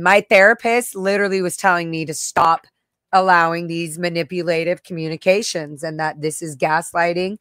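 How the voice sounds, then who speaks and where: A woman's voice: lowish voice, fairly even intonation, moderate pace, a bit bright, dry recording, clean studio sound. A woman hosting a personal livestream, talking candidly and emotionally, cursing bluntly and reacting to messages she reads aloud. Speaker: livestream host.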